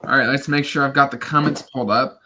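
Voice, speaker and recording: Man, livestream host, bright tone, casual chat, filler-heavy. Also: mid-range voice, fairly even intonation, fast, slight background noise. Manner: chatty, self-deprecating, hesitant with fillers.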